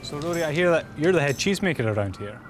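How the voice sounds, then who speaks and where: A man's voice: fairly high pitch, expressive, rapid-fire, faint music behind. A man presenting on location in a playful, punning way. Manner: punning, jokey.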